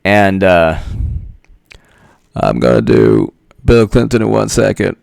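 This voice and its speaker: A man's voice: deep voice, very animated, slow, creaky, a little mellow, no echo, clean studio sound. A man giving sarcastic, rambling political commentary with comic skits. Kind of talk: casual comedic commentary with skits.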